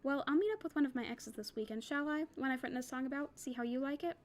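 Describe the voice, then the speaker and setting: A sulky, possessive young British boyfriend, voiced by a woman reading a novel aloud. He speaks quickly in a pointed, slightly raised voice. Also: high-pitched, natural voice.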